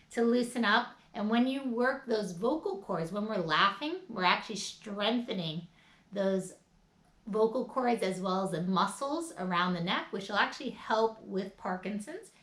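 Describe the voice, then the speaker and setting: A woman's voice: medium pitch, lively intonation, moderate pace, a bit bright, reverberant. A woman leading a guided laughter and movement class, upbeat and coaching, with bursts of laughter. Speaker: wellness instructor.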